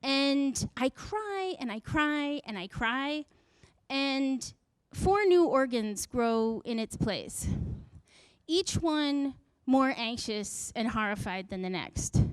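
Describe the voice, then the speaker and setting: Wry high-voiced woman telling a story. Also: lively intonation, takes it slowly, smooth, dry recording. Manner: wry, self-mocking, acts out voices. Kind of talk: comic personal storytelling.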